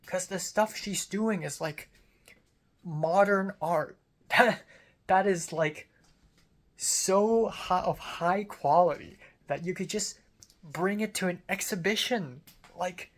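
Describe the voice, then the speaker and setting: A young adult film student talks through a story in a loose, casual monologue. The delivery rambles, packed with "like" fillers and offhand swearing, at a middling pitch. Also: slow.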